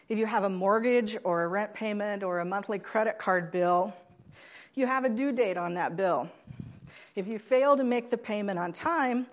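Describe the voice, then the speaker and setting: A woman in her sixties from Oregon giving a sermon and personal testimony in a plainspoken, gently humorous way. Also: mid-range voice. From Oregon, USA. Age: 60s. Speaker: lay preacher.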